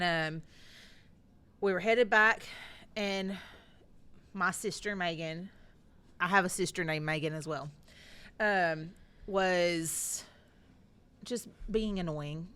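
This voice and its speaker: Slow, measured woman. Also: fairly low pitch, sharp tone, smooth. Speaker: podcast co-host. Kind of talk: casual storytelling.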